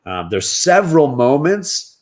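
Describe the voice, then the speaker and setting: A man's voice: on the high side, sing-song, measured pace, a little mellow. A middle-aged man, a father, chatting casually about films with his daughters, rambling with restarts and fillers. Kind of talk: casual chat.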